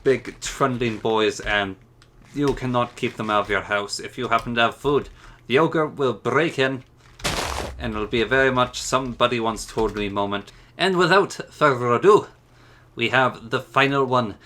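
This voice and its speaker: A man's voice: medium pitch, moderate pace, fairly bright tone. A man hosting a game mod showcase, commenting in a chatty, enthusiastic way. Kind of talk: casual gameplay commentary.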